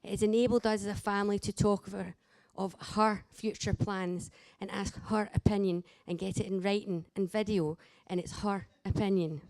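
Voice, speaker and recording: A woman's voice: medium pitch, fairly even intonation, moderate pace, few pauses, darkish tone, no room sound. Woman, earnest and direct, addressing a conference audience; dry close sound. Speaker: carer and daughter, speaker. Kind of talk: conference talk.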